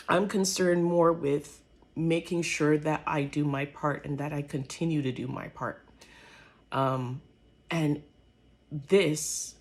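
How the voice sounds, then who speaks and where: A woman giving an earnest, reflective personal monologue about her faith, pausing often with fillers. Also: deep voice, steady tone. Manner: earnest, halting, many fillers. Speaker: speaker sharing a faith testimony.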